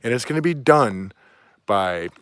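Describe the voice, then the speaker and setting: A man's voice: mid-range voice, animated, unhurried, fairly bright tone, clear, resonant tone, dry recording, studio quality. A man delivering an angry, profane, preachy rant outdoors. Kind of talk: ranting monologue. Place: outdoors near woods, with dog.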